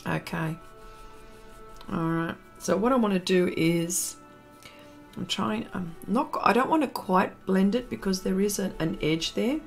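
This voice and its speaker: A woman's voice: medium pitch, unhurried, creaky, soft background music. An Australian woman live streaming her drawing, chatting casually, reading viewer comments aloud and laughing often. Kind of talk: casual chat while drawing.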